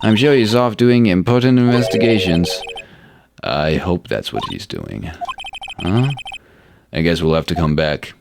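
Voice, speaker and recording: A let's play host works through a courtroom video game, voicing the lawyer lead's lines with wry, dry asides as game playthrough narration. His low voice is gravelly and expressive, at a measured pace. Heavy background noise sits under the recording.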